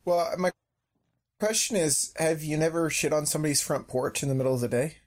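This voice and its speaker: A man's voice: on the high side, a little fast. A young man co-hosting a podcast, telling prank stories in a joking, rambling way with many ums. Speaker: podcast co-host. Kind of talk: casual chat.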